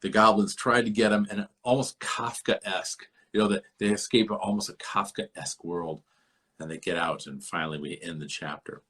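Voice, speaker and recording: A man's voice: fairly low pitch, fairly even intonation, normal speed, bright, forceful tone, husky. A man hosting a podcast, musing at length in a rambling, lecturing way about a book, repeating himself as he thinks aloud over a remote call. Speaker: podcast host. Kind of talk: rambling literary discussion.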